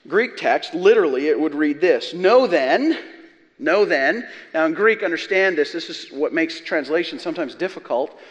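A man's voice: sits high, fairly bright tone. A man preaching a sermon as pastor, emphatic and building to passionate peaks. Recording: long reverb of a large hall.

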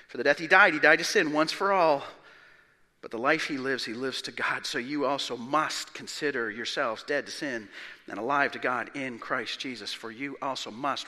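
A high, very bright male voice preaching in a church sanctuary with a long reverb tail. He moves from emphatic, rising proclamations to quiet, low-pitched asides. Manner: emphatic, swings from loud declarations to hushed low asides. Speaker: pastor. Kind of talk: expository sermon.

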